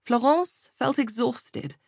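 A woman reading an audiobook aloud in a measured, even storytelling manner. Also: fairly high pitch, gravelly, dry recording, studio quality. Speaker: audiobook narrator. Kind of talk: scripted audiobook narration.

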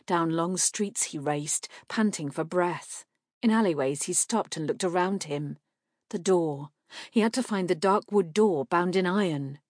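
A woman reading a fantasy novel aloud in steady, measured scripted narration. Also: on the low side, dry recording, clean studio sound. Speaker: audiobook narrator.

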